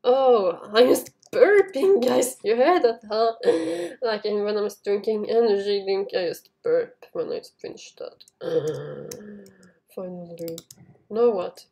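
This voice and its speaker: A woman giving casual gameplay commentary to her viewers in non-native English phrasing, shouting at jumps. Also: mid-range voice, measured pace, vocal fry. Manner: excitable, talks to the viewers while playing, shouts at jumps. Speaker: gaming YouTuber.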